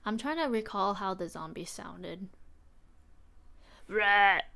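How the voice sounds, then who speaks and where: A woman's voice: medium pitch, expressive, moderate pace, vocal fry. A young woman livestreaming, chatting casually and rambling as she thinks aloud. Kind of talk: casual stream chat.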